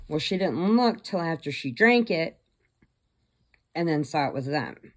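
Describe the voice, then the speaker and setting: Low-voiced woman telling a movie story to her camera, chatty and animated. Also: a little slow. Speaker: crochet vlogger. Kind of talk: casual storytelling, retelling a film plot.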